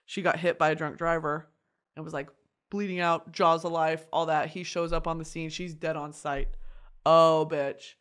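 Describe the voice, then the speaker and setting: A woman vlogger retelling a story casually, swearing freely, laughing and shouting at times. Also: sits low, normal speed. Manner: animated, profane, breaks into laughter and shouts.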